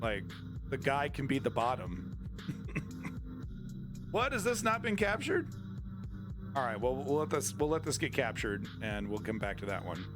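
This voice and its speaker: A man commenting on news during a livestream, talking in a crude, irreverent and mocking way. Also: mid-range voice.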